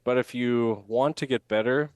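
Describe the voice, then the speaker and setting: A man talking as a communication coach in a podcast interview, lively and demonstrative, acting out speech examples as he explains. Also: medium pitch, normal speed, smooth, no room sound. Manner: animated, acts out rising intonation examples.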